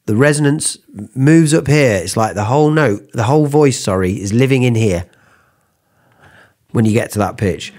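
A man with a British accent teaching singing, talking in a relaxed, encouraging way between vocal exercises. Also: medium pitch, normal speed. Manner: relaxed, encouraging, talks while demonstrating. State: slightly under the weather after sneezing. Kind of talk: spoken vocal lesson between sung exercises.

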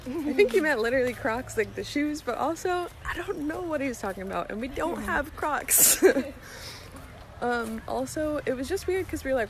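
A woman's voice: sits high, animated, moderate pace, a little hiss or hum. A woman vlogger telling a story in a chatty, casual way, full of "like"s and giggly asides.

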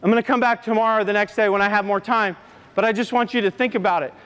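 A man voicing a concerned young male former player, who speaks gently and pleads, in a lower and softer voice. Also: fairly even intonation, fast talker, clear, resonant tone. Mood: pleading. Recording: long hall reverb.

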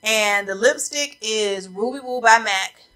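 A woman's voice: on the high side, a little slow, fairly bright tone, poor audio. A woman, chatting casually to viewers about coats in a try-on video, a little out of breath. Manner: chatty, addresses viewers as y'all. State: slightly out of breath. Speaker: fashion vlogger. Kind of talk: casual try-on haul chat. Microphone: camera mic facing a ring light.

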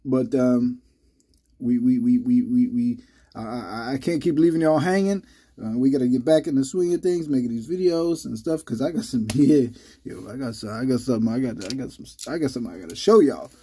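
A man hosting his channel in casual, rambling vlog talk, halting with many restarts, a little under the weather. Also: medium pitch, warm tone, breathy edge. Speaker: channel host.

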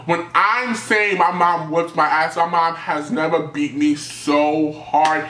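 Animated young New man, echoey room. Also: fairly high pitch, slow. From New York City. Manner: animated storytelling, acting out quotes, jumps to yelps. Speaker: vlogger. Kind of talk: storytime vlog.

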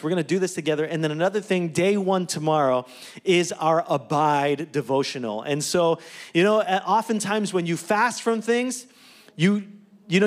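High-voiced upbeat pastor addressing a congregation. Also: male voice. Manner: upbeat, conversational preaching with asides and quips. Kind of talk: church announcements and exhortation. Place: church sanctuary.

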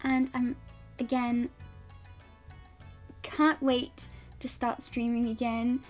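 A woman's voice: a little high, flat delivery, slow pace, soft background music. A woman putting on a playful mock British accent. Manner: exaggerated, giggly formal greeting.

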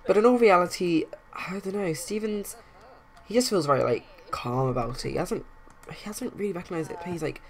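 A woman narrating her life-simulation game playthrough in rambling casual commentary, with bursts of excited outrage. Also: lowish voice, a little fast. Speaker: let's play narrator.

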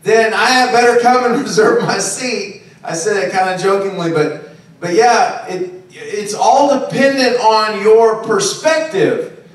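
Brief: male pastor, high voice, preaching loosely and conversationally, miked from afar in a very echoey room. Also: lively intonation, a little slow. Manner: conversational preaching with frequent "okay?" and "right?". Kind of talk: sermon. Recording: very echoey, distant room recording.

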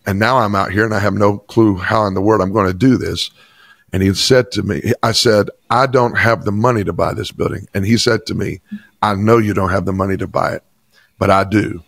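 A man's voice: lowish voice, gravelly, no room sound. A pastor from Chattanooga, a man, telling an emphatic personal testimony in an interview. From Chattanooga, Tennessee. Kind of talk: interview storytelling.

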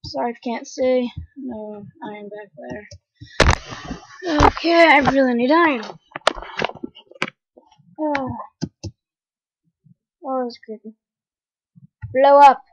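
A woman's voice: sits high, takes it slowly, long pauses, background noise. A woman giving dramatic, complaining gameplay commentary that breaks into panicked screams. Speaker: gamer. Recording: dull lo-fi home recording.

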